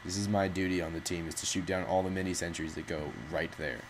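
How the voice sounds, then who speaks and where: A gaming channel host delivers live gameplay commentary in a fairly low voice, talking fast with a steady tone. He rambles through jokes and self-deprecating asides, with faint noise under his voice.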